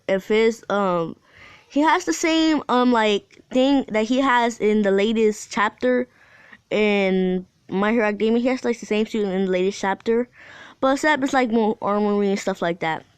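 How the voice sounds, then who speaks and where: A woman's voice: on the high side, normal speed, clear, resonant tone, no room sound. A woman rambling through a fan story retelling, with many fillers and restarts.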